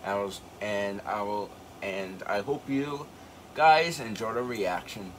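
A man's voice: fairly low pitch, takes it slowly, a little hiss or hum, poor audio. A teenage young man with a slight retainer-affected speech impediment, chatting casually in a rambling, hesitant way. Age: late teens. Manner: rambling, hesitant, lots of fillers. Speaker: video reactor. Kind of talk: casual chat.

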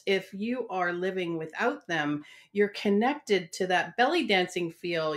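A woman hosting an interview, affirming her guest and sharing her own experiences. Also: on the low side. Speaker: interview host. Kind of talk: interview conversation.

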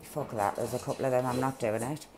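A young woman swearing and laughing through excitable live commentary on her own game. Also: very deep voice, quick pace, crowd noise. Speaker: gaming streamer.

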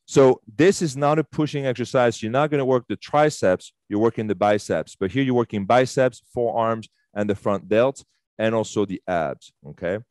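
A man's voice: mid-range voice, moderate pace, a little mellow, dry recording, clean studio sound. A man leading a fitness workshop, chatty and enthusiastic, with loose fillers and casual swearing. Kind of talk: casual live workshop instruction. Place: fitness studio.

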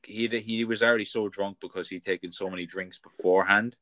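A man's voice: lowish voice, fairly even intonation, fairly quick, bright, forceful tone, no room sound. A young man hosting a podcast, chatting casually and laughing often as he tells funny anecdotes. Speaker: podcast host. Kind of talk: casual chat.

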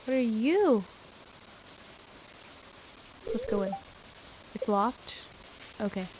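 A woman's voice: fairly high pitch, animated, very slow, background noise. A woman streaming a video game, chatting casually and giggling as she reacts aloud to what happens on screen.

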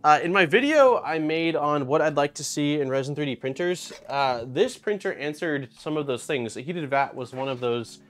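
A man's voice: fairly high pitch, lively intonation, moderate pace, few pauses, faint music behind. Chatty man hosting a live unboxing stream. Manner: chatty, thinks aloud, greets chat viewers. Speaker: streamer host.

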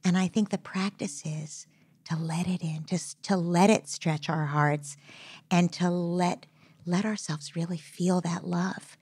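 A woman guest speaking in a podcast interview in a slow, reflective and halting way. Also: lowish voice, fairly even intonation, a little mellow, slightly rough, no room sound. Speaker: guest, parenting psychologist. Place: Brooklyn brownstone.

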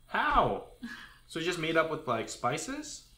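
A man's voice: a little high, huge pitch swings, takes it slowly, sharp tone, roomy sound, a little hiss or hum. A man co-hosting a couple's eating vlog, chatting at the dinner table and asking curious questions, picked up by a small camera. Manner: curious, asks lots of questions. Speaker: vlog co-host. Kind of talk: casual chat while eating. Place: home dining table at a hot pot meal. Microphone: GoPro camera on the table.

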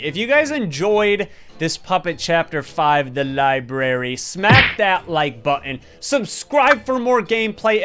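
A young man giving excited game commentary, talking to his viewers and swinging from muttering to yelling. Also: high-pitched, clean tone. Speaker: gaming YouTuber. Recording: faint game music behind.

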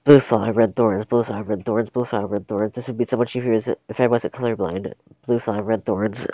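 A man's voice: lowish voice, fairly even intonation, a little fast, warm tone, no echo, close to an everyday voice. A man voicing a jittery, chatty male talking donkey who babbles frantically, on a dull, lo-fi stream recording. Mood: fretful.

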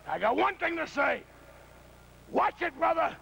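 A man's voice: very high-pitched, big pitch swings, measured pace, vocal fry, pushed and bright, dull audio, a little hiss or hum. A man, a wrestling manager, ranting in a brash, taunting wrestling promo.

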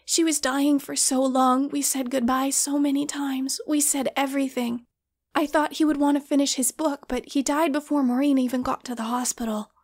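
A woman's voice: high-pitched, level tone, moderate pace, a little mellow, pitched above the performer's own voice, close to an everyday voice. A woman reading as an earnest grieving fan. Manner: earnest, emotional. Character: grieving young woman, devoted book fan.

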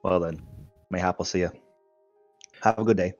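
A man's voice: sits low, fairly even intonation, moderate pace, no room sound, muffled recording, soft background music. A man voicing a polite, cash-poor dwarf traveler with a put-on Scottish-style accent, saying aye and mayhap. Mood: polite, dry. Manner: old-fashioned speech with aye and mayhap.

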